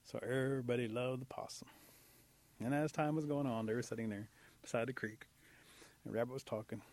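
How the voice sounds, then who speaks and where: A man telling a traditional animal folktale aloud in an animated way, leaning on the key words. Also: medium pitch, fairly quick. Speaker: storyteller. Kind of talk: oral folktale storytelling.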